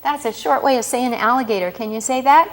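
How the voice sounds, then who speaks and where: A woman reading a picture book aloud to young children as storyteller, asking them questions as she goes. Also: fairly high pitch. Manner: animated, asks children questions often; drawn-out sing-song rhyming delivery.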